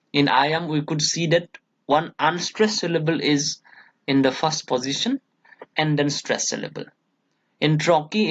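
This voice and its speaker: This is a male college English lecturer with an Indian English accent, teaching at an unhurried, deliberate pace. He fills pauses with "uh" and "okay" and repeats example words to mark their stress. His voice sits at a middle pitch, and the recording is dull and lo-fi. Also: a bit bright. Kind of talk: classroom lecture.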